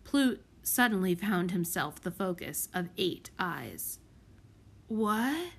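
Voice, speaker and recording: A woman's voice: lowish voice, lively intonation, slow, creaky, breathy edge. Woman reading a children's audiobook. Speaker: audiobook reader.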